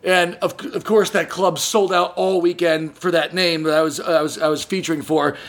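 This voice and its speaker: A man's voice: fairly high pitch, steady tone, moderate pace. A man hosting a casual comedy podcast, telling stories in a rambling way and laughing often. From California. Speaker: podcast host.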